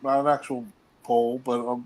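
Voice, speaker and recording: A man's voice: medium pitch, level tone, normal speed, darkish tone, rough recording. A man hosting a wrestling podcast, talking with enthusiasm and rambling through restarts. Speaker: podcast host. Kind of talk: casual chat.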